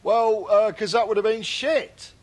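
Man, high-pitched, deadpan, comic chat co-host, mock French bits. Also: measured pace. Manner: deadpan, puts on silly French accents. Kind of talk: comedic banter.

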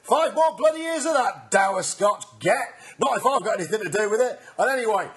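A man co-hosting a deadpan comedy chat, ranting in mock outrage and slipping into silly voices. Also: high voice, a little fast, hardly any pauses. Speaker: comedy podcast co-host.

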